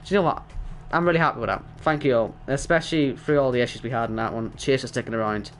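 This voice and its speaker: A man, hoarse and worn out, casually wrapping up an esports race stream and chatting with viewers. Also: mid-range voice, quick pace, a little hiss or hum. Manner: chatty, reads chat aloud, self-deprecating. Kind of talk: casual stream sign-off commentary.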